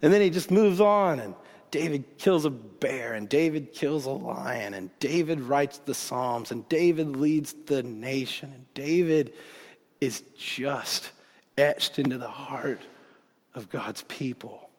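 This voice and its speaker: Animated male pastor in a reverberant hall. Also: mid-range voice, slow pace. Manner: casual, animated storytelling with bursts of excitement. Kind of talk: sermon.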